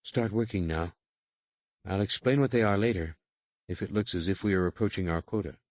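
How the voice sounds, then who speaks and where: A man voicing a stern female alien overseer in an audiobook, speaking in clipped, measured commands. His tone is low and dry. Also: darkish tone, dry recording, lightly acted. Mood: stern, instructing. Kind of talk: audiobook character reading.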